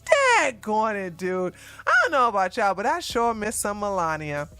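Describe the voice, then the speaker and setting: A woman's voice: medium pitch, sing-song, normal speed, sharp tone, clean tone, faint music behind. A woman hosting her own news commentary vlog, talking casually and animatedly to her viewers and laughing often.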